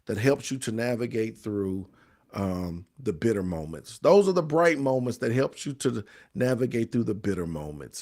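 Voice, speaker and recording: A man's voice: fairly low pitch, big pitch swings, normal speed, a little mellow. A man hosting a grief support talk, reading viewer comments and answering in an emphatic, preacherly, repetitive way. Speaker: host of a grief support show. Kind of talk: live-stream talk to viewers.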